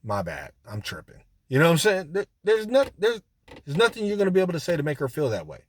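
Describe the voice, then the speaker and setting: A man's voice: high-pitched, animated, fast. Casual man giving relationship advice. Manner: conversational, repeats himself, addresses listeners directly; colloquial, with frequent fillers. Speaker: relationship talk host.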